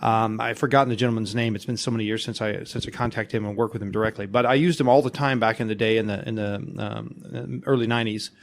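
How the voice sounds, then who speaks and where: A man's voice: on the low side, fairly even intonation, fast, creaky, hardly any pauses. A man from Texas, speaking in a put-on mix of Scottish, Irish and Welsh accents, chatting playfully in a sing-song way as a guest. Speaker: guest, Renaissance fair performer. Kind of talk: casual chat in character.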